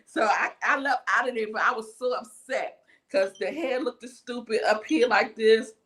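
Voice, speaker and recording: A woman's voice: on the high side, normal speed. A woman hosting a livestream, telling a story in a casual, profane rant and acting out each voice in it. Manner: animated ranting, profane, acts out every voice in her story. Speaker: livestream host.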